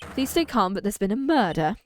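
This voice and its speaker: A young woman streaming a game, reading its dialogue aloud and chatting with quick reactions. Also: medium pitch, very animated, a little hiss or hum.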